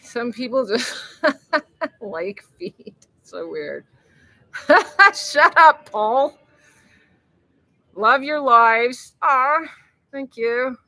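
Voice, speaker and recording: A woman's voice: on the high side, lively intonation, very slow, long pauses, bright, forceful tone, dry recording, low-quality recording. A woman hosting a casual live stream, rambling and chatty, laughing often and swearing freely as she reads viewer comments.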